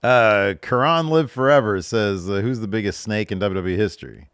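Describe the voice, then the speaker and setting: Loose and joking, the thirtysomething man fields viewer questions on his podcast, reading each aloud before answering in a casual solo Q&A. His lowish voice is a bit bright and clean, at normal speed, with a dry recording and clean studio sound.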